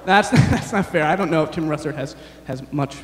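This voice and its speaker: A young man performing a rambling, self-deprecating stand-up set, halting often with fillers. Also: fairly high pitch, reverberant, big-room sound, slight background noise. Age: young adult. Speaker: stand-up comedian. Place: large chapel hall on stage.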